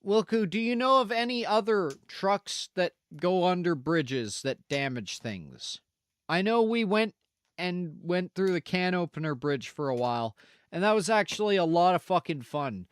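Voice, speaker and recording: A man's voice: high-pitched, lively intonation, measured pace, clean tone, no echo. A man streaming and chatting casually with his live audience, rambling, profane and self-mocking.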